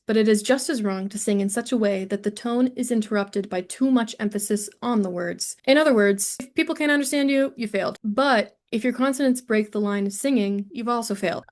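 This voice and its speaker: A young woman giving a casual online singing lesson as a voice teacher, chatty and playful, stopping now and then to sing short examples. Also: medium pitch. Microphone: studio microphone.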